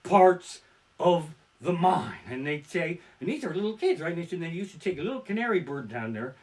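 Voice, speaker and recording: A man's voice: a little high, sing-song, brisk, darkish tone. A man doing a profane, crude stand-up set, live-streamed from his living room. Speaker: stand-up comedian. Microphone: barebones home streaming mic.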